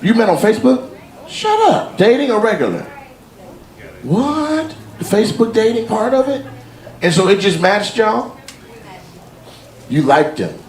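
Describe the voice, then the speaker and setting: A man doing stand-up crowd work, teasing audience members with quick-fire questions. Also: high-pitched, very animated. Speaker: stand-up comedian. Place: comedy club stage. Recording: echoey live venue with loud crowd laughter.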